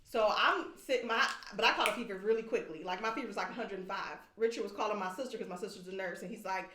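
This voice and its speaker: A podcast guest talks fast in a mid-range voice, recounting an emotional story from her own life with candor and animation. She performs what other people said, and the echoey recording carries background noise.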